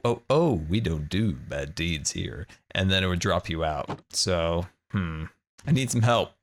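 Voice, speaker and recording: A man hosting a casual gameplay video, thinking aloud and squealing high in panic when things go wrong. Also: fairly bright tone. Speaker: Minecraft let's play host.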